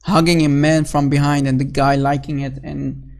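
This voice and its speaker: A sarcastic solo commentator who reads source titles and numbers aloud, then sneers at what they say. The delivery is scornful and mocking, padded with "basically" and "you know". The voice sits at a middling pitch. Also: flat delivery, normal speed, vocal fry, a little mellow. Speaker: online religious critic. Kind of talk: solo commentary reading and mocking religious texts.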